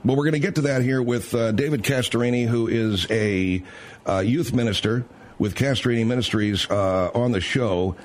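A man's voice: medium pitch, moderate pace. A man hosting a late-night radio talk show, rambling and hesitant with many fillers and restarts as he reads out the number and sets up a story.

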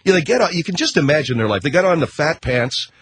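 A man's voice: fairly high pitch, expressive, fast, a little hiss or hum. A middle-aged man hosting a talk show, telling a rambling, sarcastic comic rant with casual swearing and constant self-corrections. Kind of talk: comedic rant monologue.

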